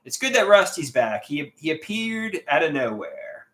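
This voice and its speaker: Lively man chatting on a livestream. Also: a little high, moderate pace. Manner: animated, repeats words and restarts often. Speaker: livestream host. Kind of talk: casual livestream chat, reading viewer comments aloud.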